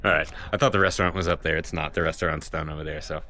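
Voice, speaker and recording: A bass-voiced travel vlogger talks very fast in a pushed, bright tone, his intonation fairly even. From a mountain summit he narrates casually into his handheld camera, joking and rambling in awe of what he sees.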